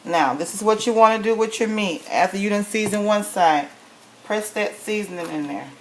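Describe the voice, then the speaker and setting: A woman's voice: mid-range voice, moderate pace. A woman giving a casual home cooking demonstration, chatty and folksy, often checking in with "okay?". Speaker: home cook showing a recipe. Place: home kitchen. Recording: echoey kitchen with faint noise.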